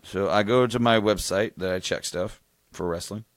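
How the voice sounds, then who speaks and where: A man co-hosting a casual podcast, rambling through a funny story, laughing often and getting excited as he goes. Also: lowish voice, moderate pace, no room sound, clean studio sound. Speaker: podcast co-host. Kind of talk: casual chat, telling a story.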